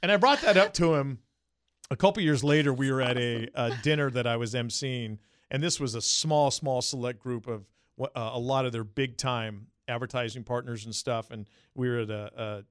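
An animated man co-hosting a casual sports podcast, with a medium-pitched voice. He tells stories with gusto and leaps up high when he quotes people. His voice sounds close and dry, with no room echo. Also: moderate pace, clear, resonant tone. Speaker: podcast co-host.

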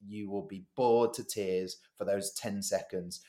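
A man's voice: fairly low pitch, unhurried. A man, a voice-over artist co-hosting a podcast, telling stories casually and acting out quoted lines. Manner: lively storyteller, acts out quoted lines. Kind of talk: casual chat.

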